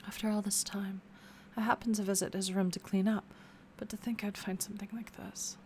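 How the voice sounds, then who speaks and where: A woman reading a young game heroine's thoughts in a hushed, half-whispered voice. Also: medium pitch, level tone, a little fast, a little hiss or hum, voice pushed up, close to an everyday voice. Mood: wistful. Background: game music.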